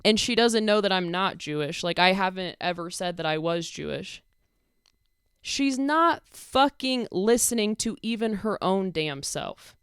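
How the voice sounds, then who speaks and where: A woman's voice: mid-range voice, animated, measured pace, a bit bright, clear, resonant tone, dry recording, studio quality. A young woman giving casual commentary, reading out messages in an exasperated, sarcastic way. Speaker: commentary creator.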